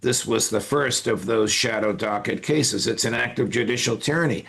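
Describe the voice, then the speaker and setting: Gravelly older male legal commentator. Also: mid-range voice, fairly bright tone. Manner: measured, with frequent "uh" pauses. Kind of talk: interview conversation.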